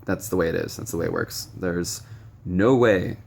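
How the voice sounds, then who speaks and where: Low gravelly young man, rambling frankly. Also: normal speed, a little mellow, a little hiss or hum. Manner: frank and rambling, many ums, blunt swearing. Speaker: vlogger sharing recovery advice. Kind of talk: casual direct-to-camera monologue. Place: noisy room with stray tapping and beeping.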